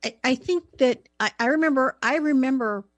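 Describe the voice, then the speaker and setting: A woman hosting a talk radio show, giving calm, reassuring spiritual advice. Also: high voice, moderate pace, no room sound.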